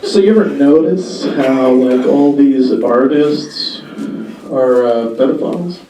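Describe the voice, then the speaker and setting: A young man performing stand-up comedy in a halting, deadpan way, with many pauses and fillers, on a club stage before a live audience. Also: medium pitch, a little hiss or hum. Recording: echoey room, far mic, crowd laughter.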